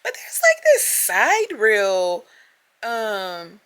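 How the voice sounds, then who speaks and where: A woman chats casually to her viewers, giggly and chatty. Her voice is bright and her pitch swoops all over. She lingers over words at an unhurried pace. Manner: animated and giggly, chatty asides. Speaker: vlogger. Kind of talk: casual chat.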